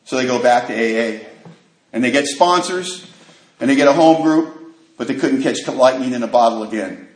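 A man shares his own recovery story, using loose street grammar and acting out the voices of the people in it. His voice sits in a middle range and drops low and quiet when the story turns dark. The room gives his voice a clear echo. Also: moderate pace. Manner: vivid storyteller, acts out quoted voices, drops to a hush in tense moments. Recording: echoey room.

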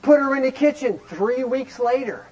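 A man's voice: very high-pitched, animated, moderate pace, a little mellow, highs cut off. A man teaching a recovery group in a folksy, emphatic way, peppered with rhetorical questions. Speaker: recovery meeting speaker. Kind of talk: animated teaching talk.

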